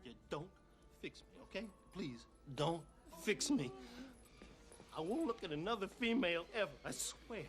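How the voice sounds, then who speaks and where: A man's voice: high-pitched, big pitch swings, moderate pace. An actor voicing a frantic male dog who pleads and begs in a film. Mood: begging. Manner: pleading, then smooth flirting.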